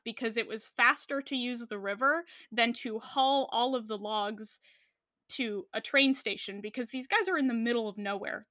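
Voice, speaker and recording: Young woman, podcast co-host, higher voice, bright and sharp tone, dry close sound, casual chat. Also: dry recording. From Canada. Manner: chatty, laughing often, many fillers.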